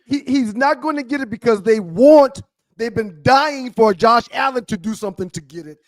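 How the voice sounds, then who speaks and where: A man co-hosting a casual sports talk show, chiming in with quick agreement and stumbling restarts. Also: very high voice, no room sound.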